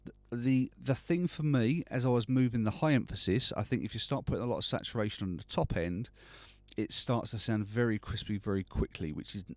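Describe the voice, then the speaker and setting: A man's voice: medium pitch, a little fast, a little mellow, no room sound. A man hosting a live, unscripted tutorial, thinking aloud as he works, with frequent restarts and fillers. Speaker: host demonstrating mastering software.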